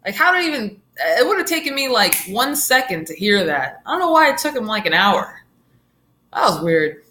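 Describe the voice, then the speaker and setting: A woman vlogger telling a storytime tale in a chatty, laughing way with lively asides. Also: medium pitch, normal speed. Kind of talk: casual storytime.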